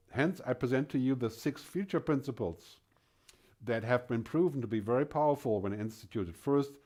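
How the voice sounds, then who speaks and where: A man delivering a keynote talk in a fairly low voice with a dark, mellow tone. He drives his points home emphatically, often posing rhetorical questions and checking in with a quick "right?" to the audience. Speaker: keynote speaker. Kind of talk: conference keynote speech.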